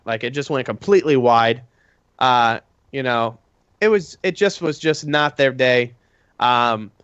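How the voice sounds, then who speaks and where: A man's voice: on the high side, fairly bright tone, no echo, muffled recording. A man co-hosting a casual sports podcast, rambling through his analysis with many fillers. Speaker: podcast co-host.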